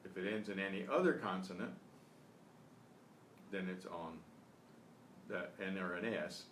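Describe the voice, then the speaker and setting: A man teaching a beginners' Spanish class online, explaining patiently and repeating each phrase slowly. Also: low voice, fairly bright tone, far from the mic. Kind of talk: online beginner language lesson. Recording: roomy echo with faint noise.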